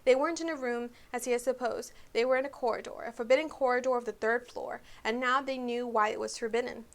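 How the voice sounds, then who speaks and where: A woman reading a children's novel aloud for a book club, steady with small slips. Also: on the high side, fast.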